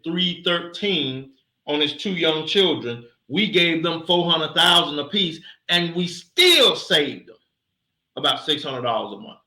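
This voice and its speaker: A man who heads an insurance agency gives a casual, folksy sales pitch, turning preachy as he calls his listeners to action. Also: echoey room, low-quality recording. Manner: folksy, preachy, lively asides.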